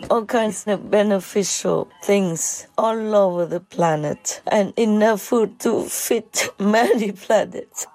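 A woman speaks slowly and haltingly, pausing often as she gives a heartfelt spiritual talk. Her voice has a gravelly, creaky edge. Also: mid-range voice, darkish tone, no room sound. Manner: halting and emotional, with frequent pauses.

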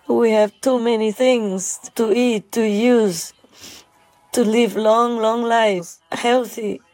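A woman giving a heartfelt moral talk, halting and emotional, with many pauses and fillers. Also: a little high, darkish tone, dry recording.

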